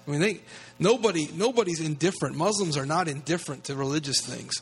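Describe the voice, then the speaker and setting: Guy from the states telling a story, earnest, voice sits kinda high, lots of restarts. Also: quick pace, husky. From United States. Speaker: guest speaker on evangelism. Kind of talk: conversational storytelling.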